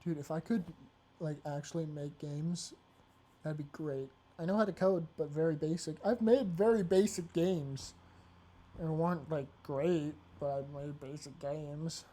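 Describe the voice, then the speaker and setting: A woman in a relaxed let's-play session, riffing on the story in a chatty, self-mocking way. Her voice is on the low side and sounds warm and dark. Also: unhurried, a little hiss or hum. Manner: jokey, chatty, laughs at herself. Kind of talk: casual gameplay commentary and reading aloud.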